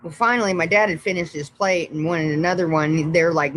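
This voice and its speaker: Woman streamer, casual rambling storyteller, swears freely, low hum of room behind her. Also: steady tone, a little fast, a bit bright, rough recording. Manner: profane, rambling, blunt. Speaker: livestream host.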